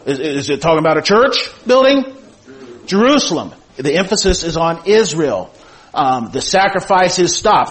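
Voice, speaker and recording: Guy teaching bible study, kinda high voice, reads verses then quizzes the class. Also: poor audio. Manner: reads scripture aloud in King James wording, repeats key points, asks the class questions.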